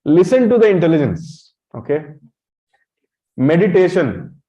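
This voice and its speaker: A man's voice: a little high, sing-song, a little slow, warm tone. A man giving a temple lecture, blunt and teasing, quizzing his audience and calling on listeners directly. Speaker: monk lecturer. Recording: dull lo-fi recording.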